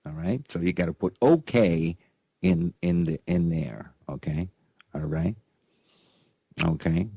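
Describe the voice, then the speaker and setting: A man's voice: low voice, a little slow, gravelly, long pauses, mellow, husky, no room sound. A man hosting a talk radio news show, folksy and sarcastic, with constant "right? okay?" asides.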